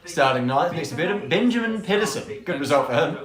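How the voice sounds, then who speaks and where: A man's voice: a little high, animated, a little fast. A man giving casual race commentary on a stream, teasing his co-host and steering the talk. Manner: teasing, runs the broadcast talk. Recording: roomy echo with race crowd behind.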